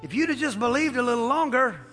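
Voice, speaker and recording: A man's voice: very high voice, expressive, fast, bright, forceful tone, long reverb tail, faint music behind, pitched above the performer's own voice, exaggerated voice. A man voicing a friendly male teacher who speaks in a casual, encouraging way. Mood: gentle.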